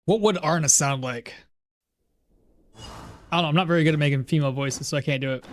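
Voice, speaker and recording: Chatty man with a high voice. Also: fast, a little hiss or hum. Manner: chatty, rambling, laughs at himself. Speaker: game streamer. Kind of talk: casual gameplay commentary.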